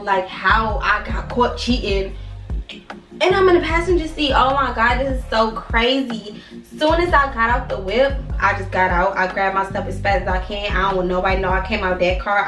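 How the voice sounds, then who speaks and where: A young woman in her twenties telling a storytime vlog in an animated, slangy, profane way. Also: fairly high pitch. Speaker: vlogger. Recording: echoey room from a distance, faint music.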